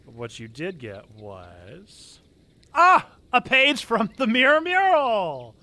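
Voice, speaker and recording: A man's voice: very high voice, huge pitch swings, slow pace, bright, forceful tone, no echo. A man hosting a livestream, chatting casually and reading aloud to his audience with self-mocking humor. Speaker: livestream host. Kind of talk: casual game stream chat. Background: game music.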